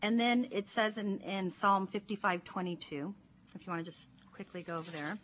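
A woman's voice: mid-range voice, fairly even intonation, moderate pace, fairly bright tone. Earnest chatty woman teaching scripture. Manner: earnest, chatty, with many fillers. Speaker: Bible study leader. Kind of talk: informal devotional teaching. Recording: slightly dull recording with faint noise.

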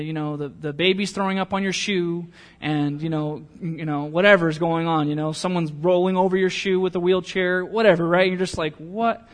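A high-voiced male pastor delivers a sermon that mixes a relaxed, humorous anecdote with a quieter, heartfelt appeal to the people listening.

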